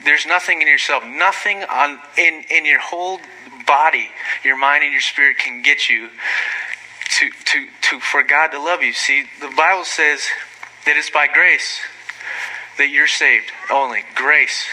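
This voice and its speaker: A man giving an informal, rambling sermon, full of asides and quick apologies, rising sharply when he gets excited. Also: a little high, low-quality recording. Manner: rambling, self-deprecating, frequent asides and apologies; animated, voice jumping up when excited. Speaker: lay preacher.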